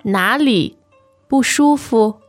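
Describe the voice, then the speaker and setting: A woman co-hosting a language lesson podcast, laughing easily and modeling phrases slowly and carefully. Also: a little high, dry recording, soft background music. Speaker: co-host and language teacher. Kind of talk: casual teaching chat with slow model phrases. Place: studio in China.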